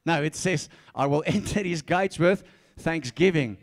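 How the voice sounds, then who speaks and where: A high-pitched pastor delivers a lively sermon at a measured pace, repeating key phrases and rising from soft asides to shouted calls. He laughs often and trips over his words when he gets fired up.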